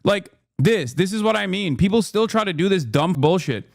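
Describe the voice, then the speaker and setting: A man's voice: high voice, animated, normal speed, gravelly. A man streaming live political commentary, blunt and profane, arguing in a heated way.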